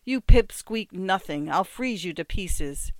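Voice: medium pitch, animated, slow pace, no echo. A reader voicing a cold, mocking ticket collector who sneers and threatens. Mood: menacing. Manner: sneering, menacing.

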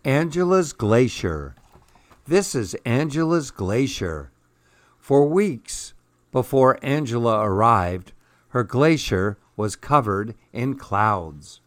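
A man reading children's picture books aloud in a gentle, measured, soothing way. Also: medium pitch, lively intonation, no echo. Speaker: storyteller. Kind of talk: children's storybook read-aloud.

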